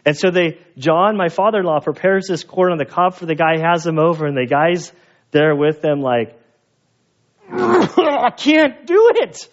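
A man preaching a sermon as pastor, telling stories in an animated way and acting out the voices of the people in them. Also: on the high side, normal speed, dull audio. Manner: animated storyteller, acts out quoted voices. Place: church.

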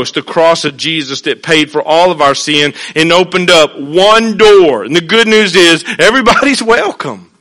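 High, bright-voiced preaching man. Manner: animated preaching, swings between hushed and loud. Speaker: pastor. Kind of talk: sermon. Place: church.

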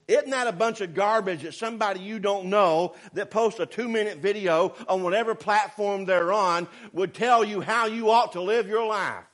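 A man preaching a sermon, fervent and swinging between shouted warnings and quiet asides. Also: sits high, normal speed, few pauses. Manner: fervent, rising to shouts, then quiet and sarcastic.

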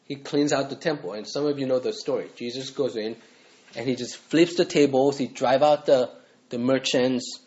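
A man's voice: medium pitch, normal speed, darkish tone, highs cut off. Man preaching a conversational sermon. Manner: conversational preaching, asks rhetorical questions. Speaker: pastor.

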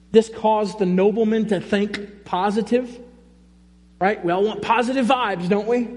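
High-voiced, unhurried preacher man. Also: darkish tone. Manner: emphatic, repeats key phrases, conversational asides. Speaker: pastor. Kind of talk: sermon. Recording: long reverb in a large hall.

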